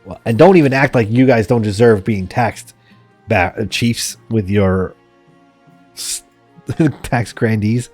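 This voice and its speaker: A man streaming a strategy game, reading its text aloud and reacting in an excitable, jokey way. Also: lowish voice, slow, pauses often, husky, no room sound, faint music behind. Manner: excitable, jokey, laughing often.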